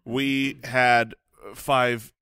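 A man co-hosting a comedy podcast, telling stories in an animated, exaggerated way. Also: mid-range voice, very slow, smooth, no echo, clean studio sound. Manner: animated, exaggerated storytelling with laughs. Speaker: podcast co-host. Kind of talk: casual comedic chat.

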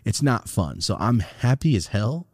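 A man's voice: lowish voice, unhurried, slightly rough, no room sound, studio quality. A young man co-hosting a podcast in casual chat, telling stories about getting over a sinus infection, swearing and acting out what others said. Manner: animated storytelling, swears a lot, acts out quotes. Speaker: podcast co-host.

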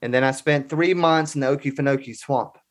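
A man's voice: medium pitch, brisk, heavy background noise. A man in his forties telling personal stories as a guest in a casual interview, in an earnest, conversational way. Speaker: podcast guest.

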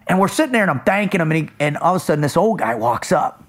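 A man's voice: a little high, very animated, racing. A man co-hosting a podcast, telling an eager, rambling story and restarting his sentences in casual chat. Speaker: podcast co-host.

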